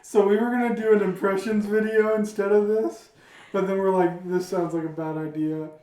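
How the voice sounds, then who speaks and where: A woman's voice: medium pitch, steady tone, normal speed, far from the mic. Giggly woman co-host in an echoey room. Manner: giggly, bursts into loud impressions. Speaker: podcast co-host. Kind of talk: casual chat.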